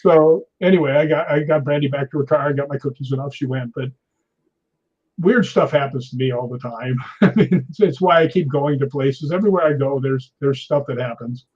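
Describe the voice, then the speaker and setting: Husky man spinning an animated story. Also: mid-range voice, a little fast. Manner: animated storyteller, tags lines with "right?". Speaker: guest. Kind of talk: storytelling in a casual interview. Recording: dull lo-fi audio.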